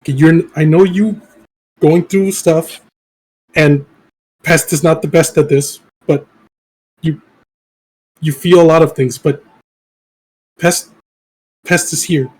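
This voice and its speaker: A man voicing a husky, earnest adventurer. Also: on the high side, steady tone, takes it slowly, long pauses, a little mellow, rough recording. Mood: soothing. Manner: talks about himself in third person. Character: clumsy, earnest male adventurer comforting a friend.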